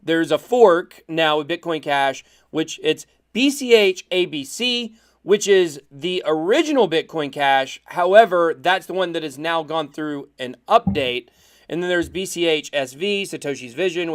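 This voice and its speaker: A man co-hosting a casual podcast, animated and laughing often, stumbling over words as he explains. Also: fairly high pitch, normal speed. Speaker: podcast co-host.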